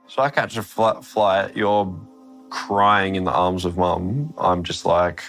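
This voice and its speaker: Young guy, very low voice, easygoing storyteller who swears offhandedly. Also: fairly even intonation, normal speed, fairly bright tone, soft background music. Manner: laid-back, swears casually, laughs between lines. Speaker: interviewee, younger brother. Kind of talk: casual storytelling interview.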